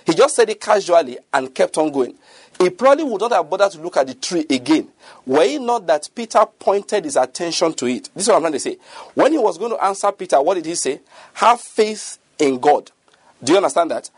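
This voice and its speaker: A middle-aged male preacher with a fairly high, husky voice. He speaks earnestly and keeps checking whether his listeners follow him. The sound is dry and close, with no room echo. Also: sing-song, fast. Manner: earnest, repetitive, often asks listeners if they follow. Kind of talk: sermon.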